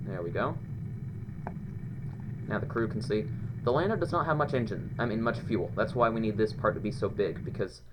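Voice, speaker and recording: A lowish-voiced man talks through his gameplay, narrating each move as he flies and correcting himself as he goes. Hiss and noise sit under his voice, as in a home recording with other people in the house. He coughs now and then from allergies. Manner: thinks aloud while flying, chatty and self-correcting. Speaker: gameplay video host. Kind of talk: casual gameplay commentary. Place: room at home with others nearby.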